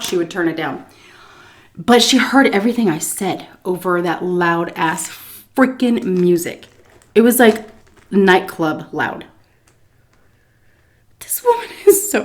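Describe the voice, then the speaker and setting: Chatty woman telling a story. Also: mid-range voice. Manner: animated, lots of fillers and laughs, acts scenes out. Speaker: food vlogger. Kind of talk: casual story time.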